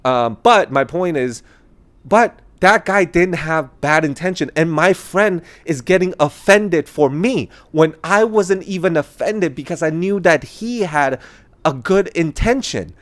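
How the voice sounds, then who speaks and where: A man talking casually about his own views, laughing as he goes and jumping into other people's voices. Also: a little high. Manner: animated, laughing, quick quoted voices. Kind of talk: casual opinion monologue.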